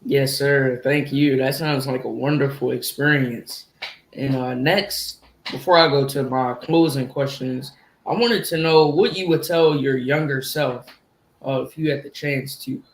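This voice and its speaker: Polite male host, echoey room. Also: medium pitch. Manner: polite, measured. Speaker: podcast host. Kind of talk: interview questions. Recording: roomy echo.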